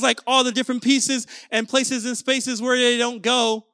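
A young adult man preaching an energetic sermon, telling stories with playful asides. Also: very high-pitched, moderate pace, dry recording, studio quality. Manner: animated storytelling with playful asides. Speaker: pastor.

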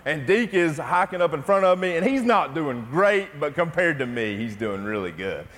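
A man's voice: on the high side, big pitch swings, normal speed. A middle-aged man preaching a sermon as pastor, telling a personal story in a conversational way before speaking of the gospel. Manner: storytelling, conversational, then hushed and intimate in prayer. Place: church sanctuary. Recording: long church reverb.

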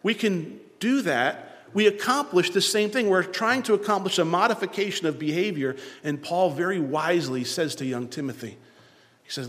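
Male preacher with a slightly high voice, dynamic delivery that swings from loud to hushed, long room reverb. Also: animated, normal speed. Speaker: pastor. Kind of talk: sermon.

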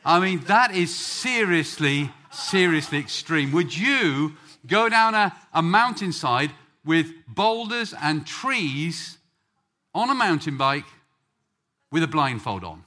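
Male preacher from England, bright and animated, chatty with his congregation. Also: on the high side, takes it slowly. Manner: lively, joking with the congregation. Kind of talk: sermon with audience banter.

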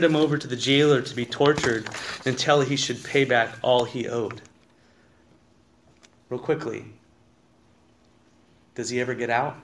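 A man's voice: medium pitch, steady tone, unhurried, long pauses, a bit bright, slight background noise. Man preaching a conversational sermon. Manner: conversational preaching, reads scripture aloud, asks the congregation questions. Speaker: pastor. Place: church sanctuary.

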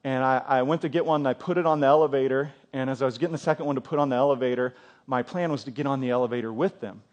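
A man's voice: mid-range voice, very fast, darkish tone. A middle-aged man preaching a sermon in a church, conversational, often repeating words and asking the congregation questions. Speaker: pastor.

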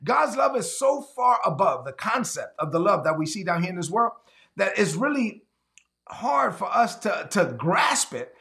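A man preaching a sermon, emphatic, repeating key lines slowly and acting out quick little dialogues. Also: high voice, sing-song, gravelly, fairly bright tone. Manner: acts out quick back-and-forth dialogues.

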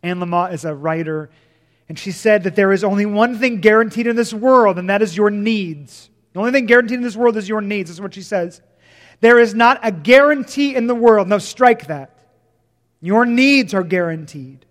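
High-voiced preacher in a reverberant hall. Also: male voice. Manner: dramatic swings between loud emphasis and hushed, slow lines. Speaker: pastor. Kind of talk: sermon.

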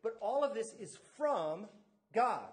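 Male pastor, high voice, sermon in an echoey church hall, stresses key words. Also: sing-song, slow pace. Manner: teaching with stress on key words and asides to the congregation. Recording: echoey room.

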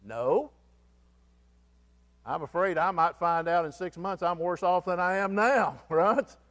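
A man's voice: sits high, slow pace, a bit bright. A man preaching a sermon as pastor, asking the congregation questions and repeating key phrases for emphasis. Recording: long hall reverb.

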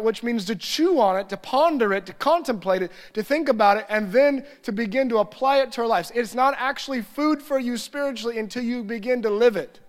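A male pastor with a high voice delivers an earnest sermon from the pulpit. He stacks short phrases into lists and eases into soft, prayerful reading. The sound carries a long hall reverb.

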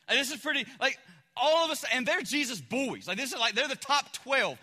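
A male pastor preaches in a chatty, animated storytelling style, full of fillers. His voice sits high, with a very bright edge. A long hall reverb trails behind him. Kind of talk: sermon.

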